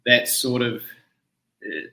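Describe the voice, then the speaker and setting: A man in his thirties with a New Zealand and Malaysian accent talks easily, laughing and using friendly slang. His voice is bright and tense-edged, at a middle pitch. The room rings with a noticeable echo. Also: slow. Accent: mixed New Zealand and Malaysian. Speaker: event founder guest. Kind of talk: casual video-call interview.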